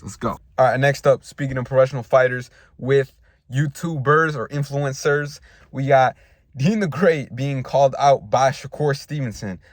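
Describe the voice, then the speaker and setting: A man's voice: mid-range voice, dry recording. Slangy young man rambling about boxing. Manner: rambling, slangy, frequent restarts. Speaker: boxing news vlogger. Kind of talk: casual commentary vlog. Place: parked car in a school parking lot.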